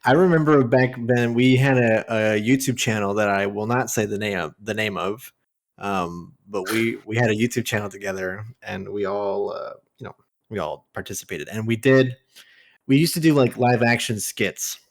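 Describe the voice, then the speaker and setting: A man's voice: fairly low pitch, moderate pace. A young man co-hosting a podcast, chatting casually and laughing often while he tells stories. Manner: laughs often while telling stories, animated when quoting. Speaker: podcast co-host. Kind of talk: casual chat.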